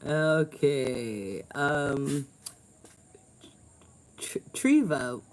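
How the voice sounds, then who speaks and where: Chatty woman livestream host, low voice, laughs easily, outdoors at home on a phone stream. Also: drawn-out words. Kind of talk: casual live chat, reading viewer comments.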